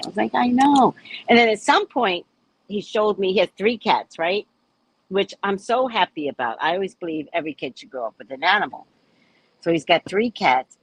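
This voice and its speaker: Animated older woman, New Orleans accent. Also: medium pitch, husky, poor audio. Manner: animated storytelling with swings in voice. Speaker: host. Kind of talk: casual chat with live viewers.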